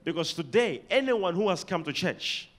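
A man with a Malawian accent preaching a sermon, emphatic, reading scripture slowly and telling the congregation to underline words. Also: lively intonation, heavy background noise. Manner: emphatic, dramatic swings in loudness and pitch, reads scripture slowly.

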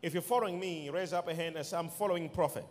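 A man's voice: fairly high pitch, quick pace, a little hiss or hum. A man preaching a sermon, emphatic, repeating key words and calling on the congregation to respond. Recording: long hall reverb.

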